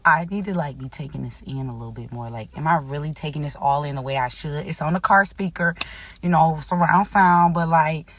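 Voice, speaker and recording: A woman telling a storytime vlog about her music career, swinging from loud exclamations to quiet near-tearful murmuring. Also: low-pitched, brisk, a little hiss or hum. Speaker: singer-songwriter.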